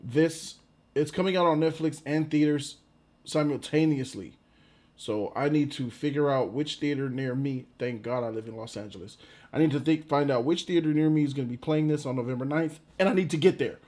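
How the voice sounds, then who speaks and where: A man giving a casual, rambling reaction to a movie trailer, excitable and quick to laugh. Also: fairly high pitch.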